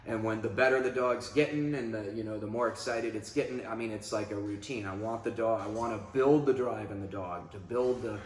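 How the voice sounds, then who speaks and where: A man, a dog trainer, explaining handling in a casual instructional talk, breaking into loud, animated demonstrations of commands. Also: on the low side, a little fast, hardly any pauses, reverberant.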